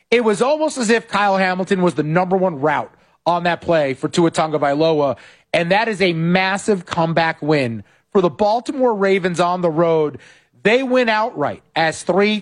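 A man hosting a sports betting podcast, recapping football games and sharply criticizing coaching decisions. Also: high-pitched. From West Coast of the United States. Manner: animated, opinionated, critical of coaching.

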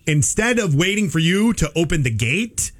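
A man's voice: fairly high pitch, very animated, moderate pace, slightly rough. A man co-hosting a casual talk show, explaining a news story with everyday analogies. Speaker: podcast co-host. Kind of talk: casual chat.

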